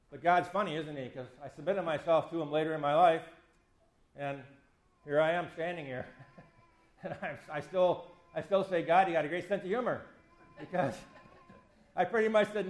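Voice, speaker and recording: Male pastor, 50s, slightly high voice, folksy sermon delivery, roomy church sound. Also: normal speed. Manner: conversational, self-deprecating, acts out quoted speech.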